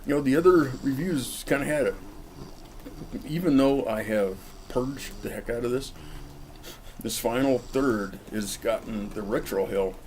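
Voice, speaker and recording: A man's voice: mid-range voice, a little slow, darkish tone, a little hiss or hum. A man casually talking through a cigar review outdoors in the cold, chatty and joking straight to the viewer. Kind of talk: casual rambling vlog review.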